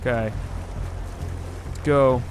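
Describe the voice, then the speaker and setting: A man's voice: medium pitch, fairly even intonation, drawn-out words, soft background music. Sarcastic man commentating a video game. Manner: exasperated, sarcastic running commentary. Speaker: gaming video host. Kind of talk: casual let's-play commentary.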